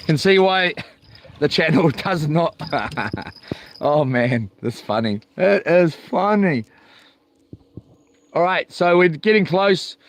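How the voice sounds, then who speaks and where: A man's voice: on the high side, expressive, slow pace, a little hiss or hum. A man hosting a casual live stream outdoors by the sea at night, rambling and hesitant with many ums. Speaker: channel host live-streaming.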